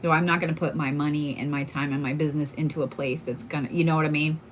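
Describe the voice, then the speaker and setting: A woman's voice: sits low, fairly even intonation, quick pace, slight background noise. A woman from Oklahoma, a tarot card reader chatting casually on a livestream, telling stories in a candid, profane way with lots of fillers.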